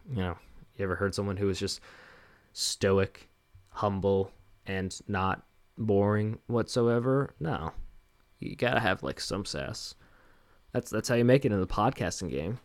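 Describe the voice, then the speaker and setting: A man's voice: fairly low pitch, no room sound. A young man hosting a solo podcast and speaking into a handheld microphone. He rambles and mocks himself, with many fillers. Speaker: podcast host. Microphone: handheld microphone with headphones.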